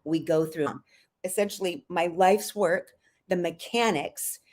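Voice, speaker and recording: A middle-aged woman who coaches voices teaches on a podcast, calmly and earnestly walking through breathing step by step. Her pitch is fairly low and her pace measured.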